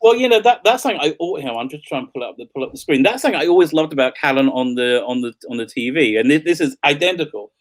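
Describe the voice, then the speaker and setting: A man's voice: on the high side, expressive, racing, hardly any pauses. A man hosting an interview on a video call, an eager fan who stumbles and repeats words as he talks. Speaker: podcast host.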